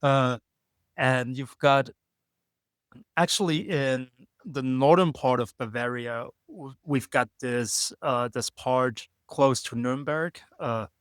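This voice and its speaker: A man's voice: medium pitch, slow, smooth, no echo, clean studio sound. A man from Germany, hosting a podcast in an easygoing chat, often searching for words. Recorded at a backpackers hostel. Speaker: podcast host. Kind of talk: casual conversation.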